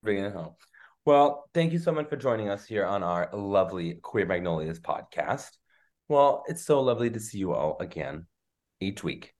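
A man with a Southern US accent, hosting a podcast and wrapping up in relaxed casual chat. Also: lowish voice, normal speed. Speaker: podcast host.

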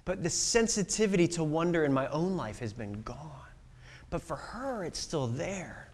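Man, pastor, high voice, casual storytelling sermon, long hall echo. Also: big pitch swings, normal speed. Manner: casual, storytelling, with many fillers.

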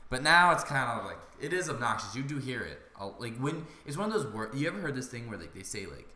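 A man's voice: mid-range voice, very animated, quick pace, sharp tone, a little hiss or hum. A man hosting a casual podcast chat, talking in loose run-on asides full of "like". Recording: echoey room.

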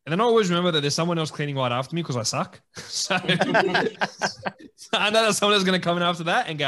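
Fast-talking upbeat man. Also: high voice, pushed and bright. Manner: quick, laughing, upbeat. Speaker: podcast co-host. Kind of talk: casual chat.

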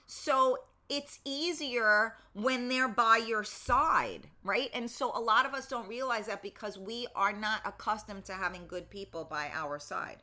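A middle-aged woman hosting a casual talk show, blunt and swearing freely, losing her voice and often clearing her throat. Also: a little high, measured pace, hardly any pauses, pushed and bright. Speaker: show host.

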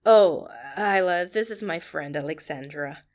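A woman voicing a relaxed young man, lowering her voice into an easygoing drawl. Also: measured pace, close to an everyday voice. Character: relaxed young man, touring band member.

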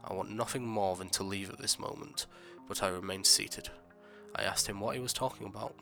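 A man tells a horror story in the first person, his low voice gravelly and forceful. He paces the tale with measured, dramatic weight. Soft music sits faintly underneath.

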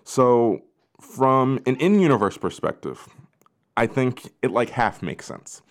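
A man's voice: medium pitch, big pitch swings, slow. A man hosting a casual discussion, rambling with lots of fillers and restarts while he moderates. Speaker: podcast host.

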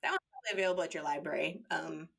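A woman's voice: low voice, very fast, creaky, fairly bright tone, breathy edge. A woman co-hosting a podcast in casual chat, talking loosely with lots of fillers and frequent laughs. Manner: chatty, laughs often, many "like" fillers. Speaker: podcast co-host.

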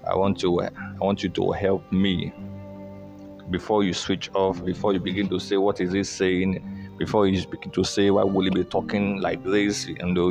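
A man's voice: deep voice, vocal fry. A male pastor, preaching a sermon and reading scripture, repeating phrases and rising on key words for emphasis.

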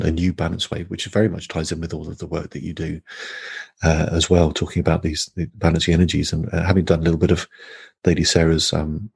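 A man's voice: sits low, gravelly, darkish tone, breathy edge. A man talking through a spiritual topic in casual conversation, hesitant, with many fillers and restarts. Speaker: podcast guest.

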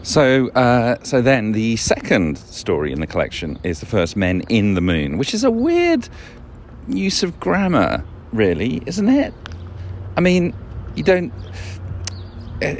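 Rambling man with a lowish voice. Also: a little hiss or hum. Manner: rambling, swears, loses words, self-corrects; chuckles often. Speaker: podcast host. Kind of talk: rambling casual monologue.

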